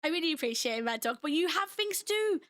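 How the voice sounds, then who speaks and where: Young woman from Britain, high bright voice, blended British-American-Australian accent, bubbly and giggly, casual stream chat. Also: expressive, fast. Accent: mixed British, American and Australian. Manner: giggly and bubbly, laughs often. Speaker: livestreamer.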